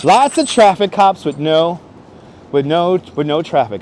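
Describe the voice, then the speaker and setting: A man's voice: fairly high pitch, lively intonation, a little slow, darkish tone, slight background noise. A man chatting casually with viewers while live-streaming as he walks city streets, greeting them by name and joking. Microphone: wireless clip-on mic.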